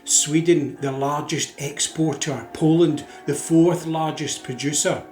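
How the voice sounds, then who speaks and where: Echoey, slightly high-voiced male presenter. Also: fairly even intonation, darkish tone. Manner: measured, informative delivery with occasional fillers. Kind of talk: narrated educational talk. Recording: roomy echo with faint music.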